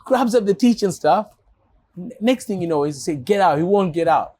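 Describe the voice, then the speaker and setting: A man from Africa telling a lively story as an interview guest, acting out voices and laughing often. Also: sits high, brisk. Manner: animated, acts out dialogue, laughs often. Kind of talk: casual storytelling.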